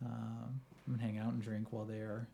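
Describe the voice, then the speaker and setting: A man narrating a tabletop game as game master, in a low, gravelly voice. He talks in a relaxed, hesitant way, with frequent ums and uhs. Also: moderate pace. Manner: relaxed, hesitant, many fillers.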